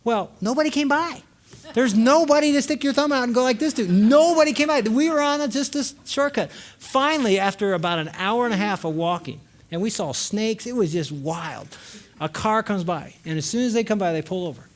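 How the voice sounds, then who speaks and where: A male conference speaker telling a story in a sermon, animated, acting out scenes and shouting at the peaks. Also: high-pitched, brisk.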